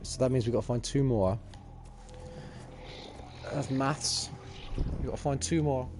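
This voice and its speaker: A man's voice: medium pitch, unhurried, a little mellow, slight background noise. Cheeky man bantering over a game. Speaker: let's play co-host. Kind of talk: casual gaming chat.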